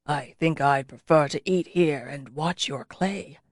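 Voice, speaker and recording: A woman voicing a gentle older male master potter who speaks slowly and kindly. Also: low-pitched, no room sound, clean studio sound, pitched below the performer's own voice. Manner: slow, kindly, soft-spoken.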